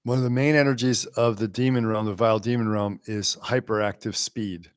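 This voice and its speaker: A man teaching a live question-and-answer class, talking in a relaxed, wry way and sometimes slowing to a quiet, measured voice. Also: fairly low pitch, smooth, no room sound, clean studio sound. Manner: unhurried, wry, sometimes drops to a quiet slow voice.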